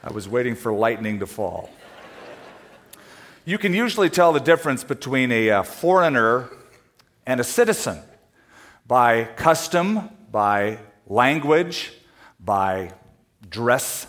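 A middle-aged man from California preaches a sermon in a mid-range voice, speaking slowly and pausing often. He's an animated storyteller, laughing through a travel anecdote before moving on to scripture.

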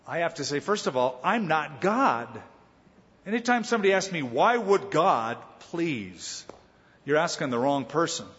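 A man pastor preaching a conversational Bible teaching, with dramatic pauses and voiced quotes. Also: a little high, very animated, fairly bright tone. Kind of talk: sermon. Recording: dull lo-fi sound with long hall reverb.

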